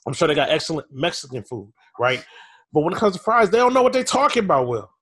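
A man's voice: on the high side, quick pace, husky. A man co-hosting a podcast, ranting with mock fury in casual chat. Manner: animated, mock-furious ranting. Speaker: podcast co-host.

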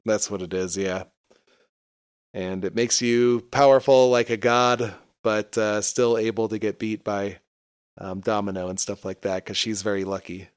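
A man's voice: fairly low pitch, steady tone, unhurried, clean tone, dry recording, studio quality. A man in casual chat, joking crudely and laughing while he recaps a comic. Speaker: comic review podcast co-host.

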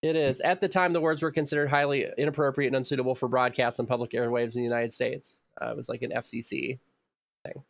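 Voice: mid-range voice, level tone, quick pace, vocal fry, dry recording. A podcast co-host chatting casually, playful and emphatic, reading words out for comic effect.

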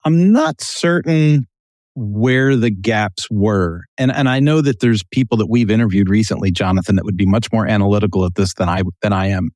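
A man who is a guest on a casual podcast interview, telling business stories in an animated way and acting out quotes. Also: lowish voice, normal speed, dry recording, studio quality. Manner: storytelling, animated, acts out quotes.

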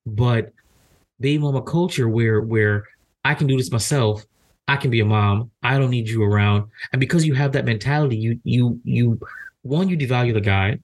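A man hosting a podcast, talking in a casual, animated way, often repeating his words and acting out what others said. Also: mid-range voice, moderate pace. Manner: animated, repeats words, acts out quoted speech. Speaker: podcast host.

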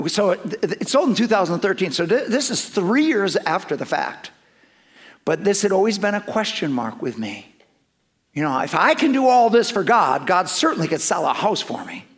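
A middle-aged man preaching a sermon, telling personal stories with lively swings from loud emphasis to hushed asides. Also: high-pitched, normal speed. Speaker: pastor.

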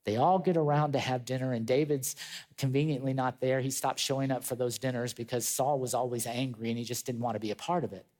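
Male pastor, storytelling sermon, mid-pitched, acts out voices, casual asides. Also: quick pace. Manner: animated storytelling, acting out quoted voices; chatty asides to the congregation.

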